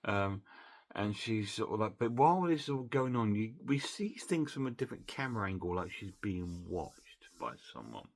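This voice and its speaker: A man with a fairly low voice talks through a film's plot in a loose, chatty way. He rambles, restarts his sentences and fills gaps with fillers as he goes. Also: big pitch swings, normal speed. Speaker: film reviewer. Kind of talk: casual film recap.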